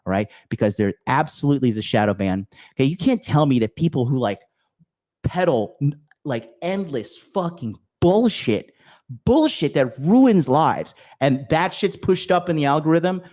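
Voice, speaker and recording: A podcast host with a medium-pitched, darkish voice launches into a profane, aggressive rant straight to camera for his audience. He curses, repeats himself for emphasis, and mocks his opponents by quoting them in sneering voices.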